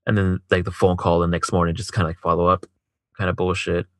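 Low-voiced and flat in delivery, a man talks quickly through a personal story in casual conversation, recorded without echo. His speech is profane and heavy with "like," and he performs the dialogue of others as he quotes them.

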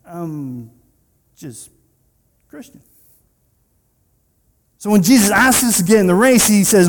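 A man's voice: high-pitched, animated, normal speed, long pauses. A male pastor preaching a sermon in a conversational way, with personal asides and rhetorical questions. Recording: long reverb of a large hall.

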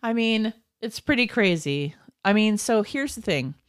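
A middle-aged woman co-hosting a podcast, chatty and quick to laugh, often correcting herself mid-sentence. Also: medium pitch, expressive, smooth, dry recording, clean studio sound. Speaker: podcast co-host. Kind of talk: casual chat.

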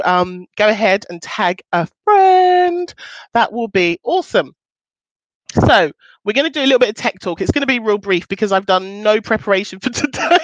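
A woman's voice: a bit bright, no echo, low-quality recording. A woman in her thirties, a business coach hosting a casual weekly livestream, talking chattily and upbeat to her viewers. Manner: chatty and upbeat, swoops up in pitch for emphasis.

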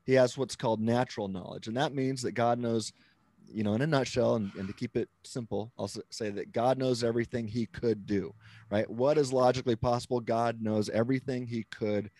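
Male interview guest, mid-pitched and dry close sound, patient explainer who keeps asking "right?". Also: normal speed, darkish tone, no room sound. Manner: explanatory, checks in with frequent "right?", steps through ideas with restarts. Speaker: Christian author and apologist, interview guest. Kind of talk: conversational interview, explaining theology.

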